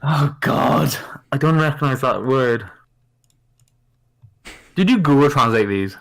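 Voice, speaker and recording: Guy on a podcast, laid back, explaining stuff slow and chuckling a lot. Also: medium pitch, animated, creaky, a bit bright. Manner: patient, explains slowly, laughs often. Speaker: podcast guest. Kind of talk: casual chat.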